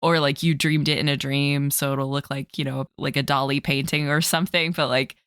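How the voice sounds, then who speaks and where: A woman with a notably low voice chats about her tabletop game character, laughing often as she tells the story. She speaks into a close mic in a dry, deadened room. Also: level tone, a little fast, a bit bright, clean tone, no echo. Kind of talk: casual podcast chat about a game.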